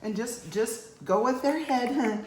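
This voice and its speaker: A woman's voice: on the high side, unhurried. A woman hairstylist giving a casual haircut tutorial, chatting and cooing in baby talk to a toddler as she works. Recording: roomy room echo.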